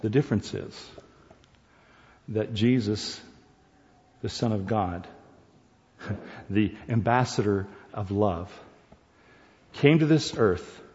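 A man's voice: on the low side, slow, pauses often, a little mellow. A man preaching a sermon, talking to the congregation in a conversational way and asking them questions. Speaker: pastor. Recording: dull recording with long hall reverb.

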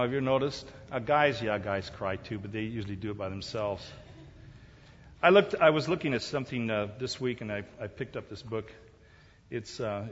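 A pastor with a lowish voice preaches an emphatic sermon full of rhetorical questions in a large hall. The sound is dull and reverberant, with a little hiss or hum.

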